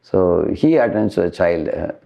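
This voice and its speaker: A man's voice: deep voice, animated, moderate pace, gravelly, warm tone. A man giving a spiritual lecture to college students, tagging points with a questioning "huh?" and explaining through everyday analogies. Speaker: spiritual teacher.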